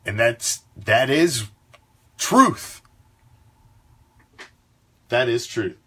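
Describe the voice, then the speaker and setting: A man's voice: mid-range voice, lively intonation, very slow, a bit bright, breathy edge. A man hosting a fan sports talk show, ranting with a profane, fired-up and emphatic delivery. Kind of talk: fan sports commentary rant.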